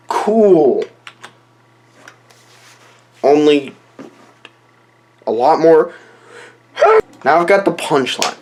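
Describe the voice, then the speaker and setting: A man's voice: mid-range voice, husky. A young man joking around while recording a silly song, switching between mock singing and rambling asides. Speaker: comedy vlogger recording a song. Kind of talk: joking self-recorded rap session.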